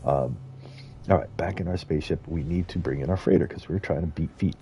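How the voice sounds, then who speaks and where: A man's voice: extremely low pitch, fairly quick, dark tone, dull audio. A man streaming a video game, chatting casually and rambling with frequent chuckles. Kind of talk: casual gameplay commentary.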